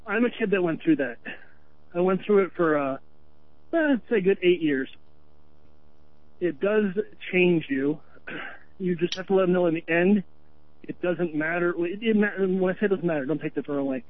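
Radio caller, high-voiced Vermont man, earnest and rambling, thin phone-line sound. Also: expressive, moderate pace, long pauses. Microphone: telephone.

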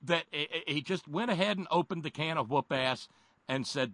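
A man co-hosting a casual chat, animated, joking and profane. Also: a little high, normal speed, no room sound. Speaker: podcast co-host.

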